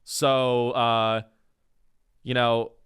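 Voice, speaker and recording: A man's voice: mid-range voice, flat delivery, very slow, fairly bright tone, smooth. Man riffing as a comedy podcast host. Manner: rambling, riffing, swearing, acts out voices. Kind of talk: casual comedic monologue.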